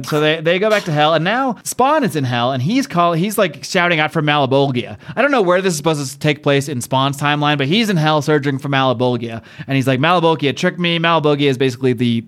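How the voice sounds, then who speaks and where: A man's voice: medium pitch, fairly quick, a bit bright. A man co-hosting a podcast, recapping a comic book in casual chat, laughing often, swearing freely and acting out the characters' lines. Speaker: podcast co-host.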